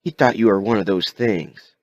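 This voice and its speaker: A man's voice: on the low side, moderate pace, no echo, muffled recording, lightly acted. A man voicing a folksy, wary survivor father who talks in a casual drawl. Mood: friendly.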